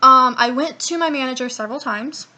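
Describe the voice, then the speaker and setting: A young woman talks straight to camera in a casual storytime vlog, her voice pitched high and sounding bright and clear. She rambles through a long personal story, swears freely and acts out the lines of everyone involved. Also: a little fast. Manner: profane, rambling, animated retelling with quoted dialogue. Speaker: vlogger.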